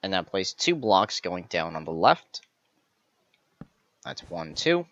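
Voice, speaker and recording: A man's voice: deep voice, big pitch swings, takes it slowly, a bit bright, no room sound, dull audio. A man hosting a step-by-step game building tutorial, methodically counting each block aloud as he places it. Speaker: tutorial host.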